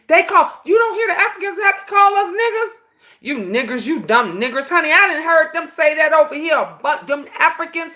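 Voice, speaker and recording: Sassy, animated woman host. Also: sits high. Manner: animated storytelling, sassy, says "honey" often. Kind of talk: casual live-stream chat.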